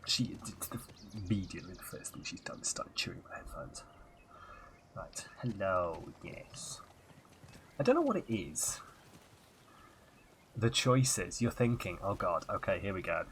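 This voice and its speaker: A man's voice: low voice, big pitch swings, measured pace, long pauses, a bit bright, slight background noise. A man chatting casually while live-streaming a game, self-mocking and muttering asides into a headset.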